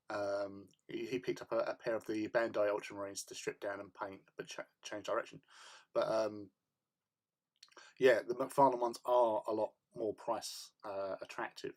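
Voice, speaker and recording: A man hosting a casual hobby livestream at his painting desk. He rambles in a chatty way with plenty of ums and soft laughs, and greets viewers from the chat. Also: lowish voice.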